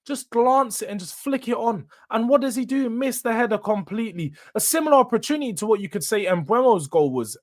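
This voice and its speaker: A young man hosts a fan reaction show, speaking in a fairly high voice. He rants with frustration, building into sudden loud outbursts before dropping back down. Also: animated, brisk, few pauses. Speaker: host. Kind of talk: fan match reaction monologue.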